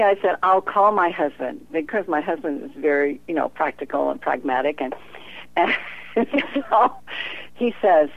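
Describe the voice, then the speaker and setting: Low gravelly woman on a phone line. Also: measured pace, no room sound. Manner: animated storyteller, acts out quoted dialogue with frequent laughter. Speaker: professional psychic, guest. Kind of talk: telling a personal story in an interview. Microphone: telephone.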